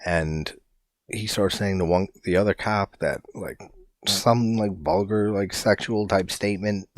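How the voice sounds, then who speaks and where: Deep-voiced man rambling about a film. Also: steady tone, measured pace, no room sound. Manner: loose, rambling, heavy use of "like", casual swearing. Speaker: podcast host. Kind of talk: casual film review monologue.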